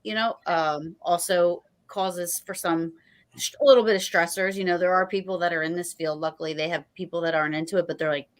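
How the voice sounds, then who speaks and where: A woman hosting a casual livestream chat speaks briskly in a lowish, steady voice. She rambles, restarting sentences and filling gaps with "you know" and other fillers.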